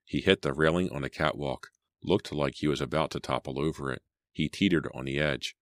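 A man with an extremely deep voice narrates a suspense audiobook in a measured, steady manner. The recording is dry and close, with no room sound. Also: no echo. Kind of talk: dramatic audiobook reading.

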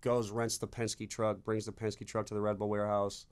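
A young man talking casually as a podcast guest, rambling through a story with halting restarts and fillers. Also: fairly low pitch, level tone, smooth. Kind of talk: casual chat.

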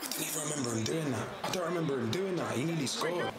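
A young man reacting to match footage in a chatty, excitable way, his voice sitting a little high. The room sounds echoey, and a stadium crowd roars behind him from the clip he's watching. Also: quick pace. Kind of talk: casual reaction commentary.

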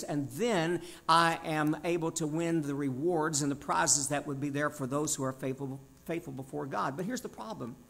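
A man's voice: on the high side, a bit bright. Folksy Tennessee preacher in his sixties. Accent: Southern American. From Tennessee, USA. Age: 60s. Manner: folksy, emphatic, self-deprecating humor. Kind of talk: sermon.

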